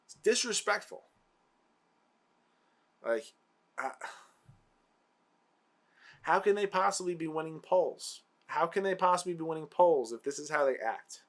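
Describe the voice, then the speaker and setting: A man's voice: on the high side, a little slow, long pauses. A man hosting his own show, ranting heatedly and exasperatedly about politics, repeating himself. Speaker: podcast host. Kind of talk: political rant.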